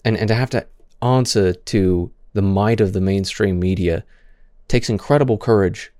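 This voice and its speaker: A young man streaming his commentary, stumbling and repeating words as he stutters through heated points. His voice sits low with a dark, mellow tone. The sound is dry and close. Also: moderate pace, no room sound.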